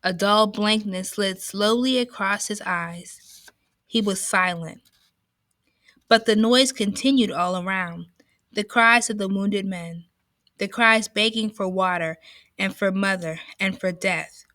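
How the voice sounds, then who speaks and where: Woman, reading a novel aloud, very slow, careful, dry sound. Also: mid-range voice, a bit bright, dry recording.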